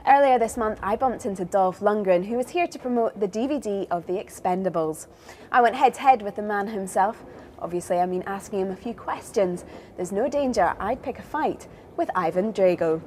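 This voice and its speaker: A woman presents and interviews in a bright, playful way, her pitch in the middle of the female range. She teases her guest and laughs easily between questions. A faint noise lies behind her voice. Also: a little fast. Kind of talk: light entertainment interview. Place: indoors at a public venue.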